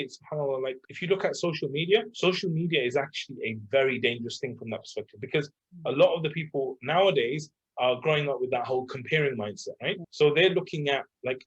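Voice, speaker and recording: A man's voice: fairly high pitch, slightly rough. A man in his thirties, a life coach, talking casually and filling his speech with "like" and "right?". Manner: conversational, full of "like" and "right?". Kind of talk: casual chat. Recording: dull lo-fi sound.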